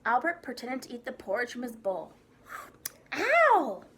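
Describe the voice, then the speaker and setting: A preschool teacher, a woman, reading a picture book aloud to children in an expressive way, stopping to ask them questions. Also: on the high side, fairly quick, slight background noise. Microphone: video recording for a class.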